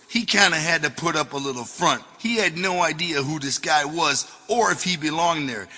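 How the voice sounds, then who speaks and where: A man's voice: fairly high pitch, pushed and bright, in a large hall. A man reading his own memoir as an audiobook, telling it in a loose, profane way. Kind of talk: audiobook narration.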